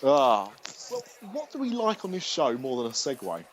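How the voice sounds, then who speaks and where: A man chats as a podcast host. His pitch swings up and down with plenty of life, and he rambles along with restarts and jokes over a faint hum of background noise. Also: huge pitch swings, moderate pace, poor audio. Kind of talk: casual chat.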